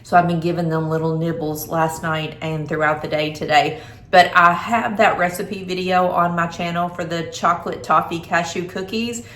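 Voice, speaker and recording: With a steady tone, fairly low pitch, and a somewhat bright sound at normal speed, a middle-aged woman chats casually in her home kitchen for her vlog. Homey and talkative, she snacks between words in an echoey space.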